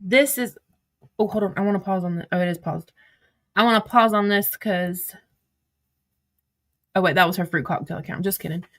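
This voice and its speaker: A woman's voice: medium pitch, moderate pace, long pauses, fairly bright tone. A woman with a Southern accent, chatting on a livestream, cursing freely and reading out text messages. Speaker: livestream host. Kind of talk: casual livestream storytelling.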